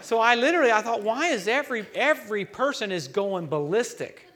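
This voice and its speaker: A man preaching a sermon as a guest speaker, telling stories in an animated, joking way that swings from loud to hushed. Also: sits high, fairly quick. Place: church.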